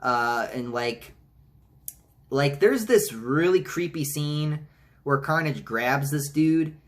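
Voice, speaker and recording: A man's voice: expressive, slow pace. Rambling, profane male movie reviewer. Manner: rambling, frequent restarts and profanity; mocks quoted lines in high voices. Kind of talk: casual trailer reaction vlog.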